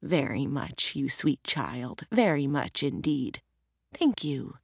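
A woman reading an audiobook, voicing a gentle, slightly tipsy old woman with a soft, low voice. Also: sing-song, slow, vocal fry, breathy edge, dry recording, clean studio sound, full character voice. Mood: tender.

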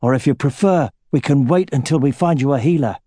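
Man doing a calm matter of fact soldier, mellow tone, dry close sound. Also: medium pitch, fairly quick, slightly rough, no room sound, natural voice. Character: calm, steady soldier man, practical medic.

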